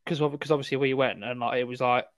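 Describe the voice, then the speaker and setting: A man's voice: mid-range voice, steady tone, quick pace, no echo, studio quality. A man hosting a casual podcast chat, rambling with lots of fillers and laughter. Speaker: podcast host.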